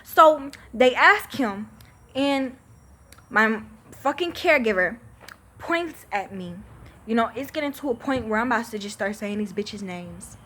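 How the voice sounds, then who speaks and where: A woman's voice: on the high side, animated, unhurried, a bit bright. A thirteen-year-old girl venting to camera, emphatic, exasperated and full of swearing. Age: teens.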